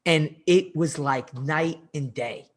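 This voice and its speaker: A man's voice: on the high side, takes it slowly. A man in his forties, a coach and podcast guest, telling stories casually and with animation. He leans heavily on "like" and often restarts his sentences. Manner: animated storyteller, heavy use of "like", frequent restarts. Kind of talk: casual conversational storytelling.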